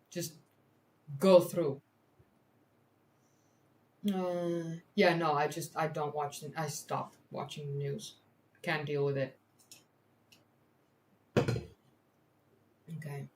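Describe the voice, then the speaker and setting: A woman's voice: sits low, steady tone, slow, long pauses, a little hiss or hum. Chatty woman streamer. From Netherlands. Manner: chatty, laughs easily, stumbles over pronunciations. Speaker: livestream host, science communicator. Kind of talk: casual livestream chat and reading articles aloud.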